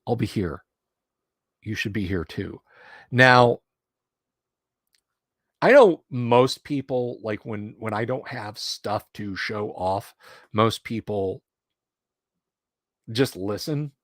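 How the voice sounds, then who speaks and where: A man from the US South, hosting a relaxed livestream chat and rambling conversationally with many pauses and restarts. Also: fairly low pitch, dry recording, clean studio sound. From Alabama, US South. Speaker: streamer host. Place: home studio room.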